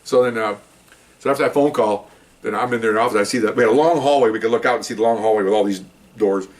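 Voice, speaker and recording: A man's voice: on the low side, fast talker, distant mic. A man, a former police officer, telling a story in a casual monologue, acting out the other people's lines with a raised voice.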